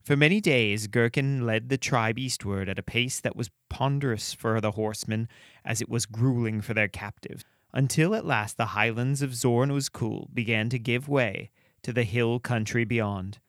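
A man hosting a podcast, reading dark fantasy stories aloud with a measured, expressive delivery and chatting casually between them. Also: medium pitch, no echo, studio quality. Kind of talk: storytelling narration and casual commentary.

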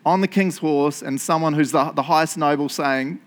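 A man preaching a sermon in a jokey, animated way, laughing often and checking in with his listeners. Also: a little high, moderate pace, few pauses.

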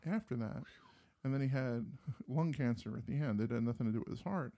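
A man with a gravelly, creaky edge co-hosts a relaxed music conversation. He tells stories with energy and slips into little impressions of riffs and voices. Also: mid-range voice, fairly quick. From New Jersey. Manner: animated storyteller, mimics voices and guitar riffs. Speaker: podcast co-host. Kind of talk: casual chat about music.

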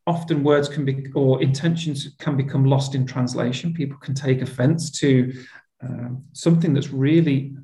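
A man's voice: mid-range voice, fairly even intonation, moderate pace, dark tone, roomy sound. A man, a school leader talking earnestly in an interview conversation. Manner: earnest, reflective, with frequent restarts.

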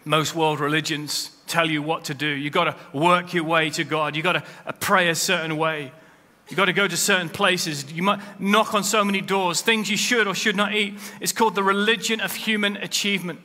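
A man's voice: sits high, fairly even intonation, moderate pace, few pauses, pushed and bright. A man preaching a sermon as pastor, with rising emphasis as he quotes scripture. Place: church. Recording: long hall reverb.

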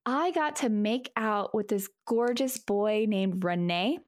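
A woman telling a story in a casual podcast chat, animated and full of fillers. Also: medium pitch, slow pace. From United States.

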